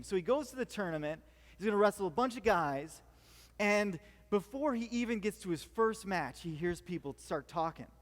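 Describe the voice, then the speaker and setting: A man preaches in a relaxed, conversational way, telling stories and slipping into voices for the people in them. His voice sits high, and it rings with the long reverb of a community hall. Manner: animated, chatty, with quoted voices. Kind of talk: casual storytelling sermon.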